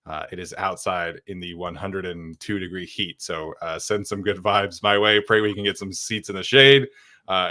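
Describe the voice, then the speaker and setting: A young man hosts a sports podcast in an easygoing, energetic chat. His voice is bright and crisp, sitting slightly low. He leans on fillers as he talks. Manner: energetic, chatty, many fillers. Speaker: podcast host.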